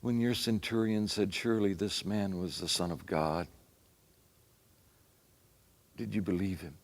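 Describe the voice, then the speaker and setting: Male actor voices a forgiving older apostle speaking gently and low; tender, fervent delivery. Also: fairly even intonation, moderate pace. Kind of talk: dramatic first-person monologue.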